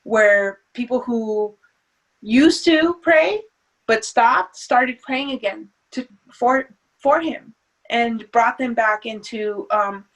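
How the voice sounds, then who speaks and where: A woman's voice: a little high, slow, poor audio. A woman speaking as a guest in an interview, earnest and hesitant, with many fillers and restarts. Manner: earnest, faith-centered talk. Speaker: guest, grieving mother. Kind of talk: emotional interview.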